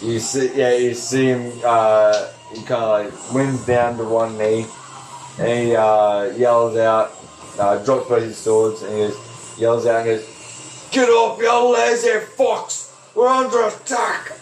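A man narrating as game master of a tabletop game, halting and full of fillers. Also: lowish voice, flat delivery, a little mellow. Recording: echoey room, faint background noise.

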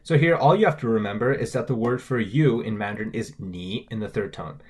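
A man's voice: mid-range voice, normal speed. A man co-hosting a scripted language-lesson podcast, carefully explaining pronunciation and tones. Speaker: podcast co-host.

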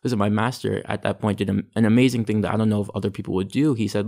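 Gravelly-voiced Canadian man telling his story. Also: on the low side, fairly even intonation, very fast, few pauses, a little mellow. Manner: chatty, fills with "like" and "you know". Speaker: guest, taekwondo athlete and sports psychology practitioner. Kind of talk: casual interview storytelling.

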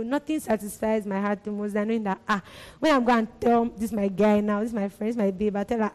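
A woman's voice: mid-range voice, fairly even intonation, fast, a little mellow. A woman exhorting church volunteers, talking in emphatic repetitions and laughing often. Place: church hall. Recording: long reverb of a church hall.

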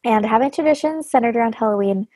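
A woman's voice: fairly high pitch, fast talker, warm tone, dry recording. A woman in her thirties hosting a podcast in casual chat, bubbly and laughing often. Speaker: podcast host.

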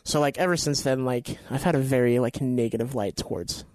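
A man's voice: mid-range voice, brisk, a little mellow, no room sound. A young man cohosting a podcast who tells stories in casual chat, swears a lot and acts out the voices of the people in his stories. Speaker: podcast co-host.

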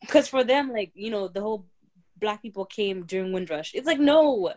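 A woman's voice: medium pitch, a little fast, darkish tone. A young woman co-hosting a podcast, talking in a rambling casual way full of fillers. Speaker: podcast co-host. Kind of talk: casual chat.

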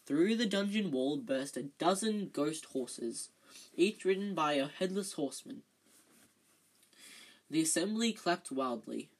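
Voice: medium pitch, expressive, a little slow, slightly rough. An amateur reader reading a novel aloud, often stumbling and correcting themselves with chatty asides.

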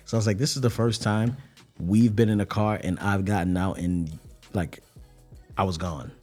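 A man's voice: fairly low pitch, moderate pace, soft background music. A man in his thirties co-hosting a casual podcast chat, telling stories animatedly in slangy speech and acting out what people said. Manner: animated storyteller, slangy, acts out quotes. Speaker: podcast co-host.

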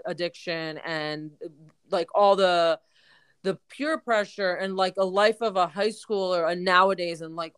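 A woman's voice: medium pitch, fairly bright tone, smooth, dry recording. Crude, chatty woman podcast co-host. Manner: crude, storytelling, lots of "like" and restarts. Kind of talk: casual chat.

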